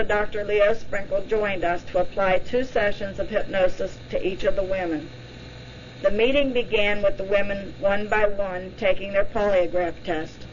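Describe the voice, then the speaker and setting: Woman narrating a documentary real slow, measured plain read, kinda dull lo-fi sound. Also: mid-range voice. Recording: dull lo-fi with faint hiss.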